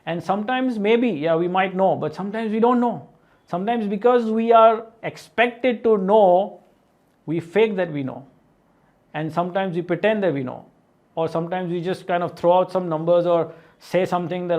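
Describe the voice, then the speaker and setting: A man with a fairly high voice talks straight to his viewers in an earnest self-help talk. He asks questions as he goes and fills his speech with "right?" and "you know". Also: moderate pace, dull audio. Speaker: motivational video host.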